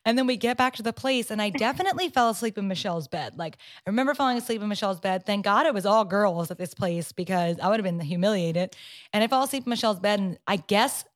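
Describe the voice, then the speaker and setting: A young woman in casual chat, telling a story with lively acted-out quotes. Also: mid-range voice, fast, no room sound. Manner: animated storyteller, acts out quotes.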